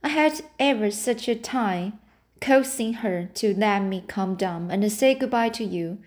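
A woman's voice: medium pitch, animated, measured pace, a little mellow, lightly acted. A woman reading the lines of a loyal young girl, speaking earnestly and mournfully. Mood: sorrowful. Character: girl, loyal, sorrowful best friend.

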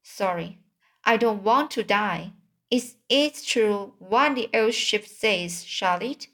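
A woman reading aloud, voicing a frightened young male pig who pleads and cries out in panic, slowly. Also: medium pitch, animated, fairly bright tone. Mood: panicked.

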